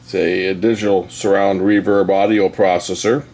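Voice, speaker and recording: A middle-aged man casually demonstrating an electronics board, relaxed and explanatory with frequent pauses and fillers. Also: low-pitched. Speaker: electronics hobbyist channel host. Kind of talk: casual hands-on product demo.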